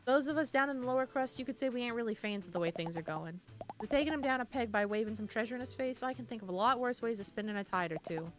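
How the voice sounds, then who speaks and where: A woman's voice: fairly high pitch, expressive, fast, faint music behind, natural voice. A woman doing a folksy grumbling crab local. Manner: folksy, drawling slang. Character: grumbling working-class crab townsfolk.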